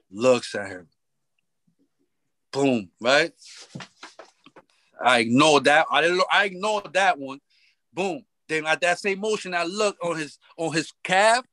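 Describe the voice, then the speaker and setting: A man's voice: a little high, slow, pauses often, no echo. Slangy man telling a story, dry sound. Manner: animated, slangy, repeats phrases, acts out dialogue. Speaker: guest. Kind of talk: casual storytelling in an interview.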